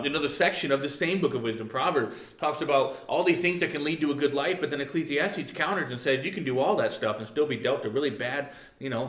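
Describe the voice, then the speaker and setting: A man's voice: medium pitch, fairly bright tone, roomy sound. A man pastor giving a casual midweek Bible teaching, reading from his notes with joking asides. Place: church.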